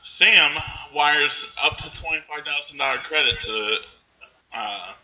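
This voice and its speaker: A man casually recapping a movie in animated chat, jumping into the characters' voices now and then. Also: fairly high pitch, lo-fi sound. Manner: animated, acts out characters in quick bursts.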